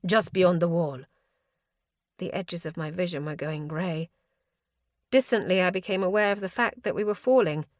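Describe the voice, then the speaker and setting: A woman's voice: lowish voice, moderate pace, no echo, clean studio sound. A woman reading a first-person fantasy audiobook with a tense, dramatic delivery. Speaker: audiobook narrator.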